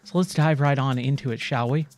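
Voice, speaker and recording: An upbeat man casually commenting while he streams a game. He talks in a chatty, mid-pitched voice full of fillers. Game music plays clearly behind him. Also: steady tone, brisk, darkish tone. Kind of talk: casual let's-play commentary.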